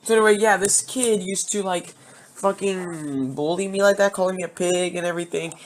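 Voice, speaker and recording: A man's voice: high voice, brisk. A man telling personal stories in a rambling, casual way, swearing often and repeatedly losing his train of thought. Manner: profane, meandering, keeps losing his thread.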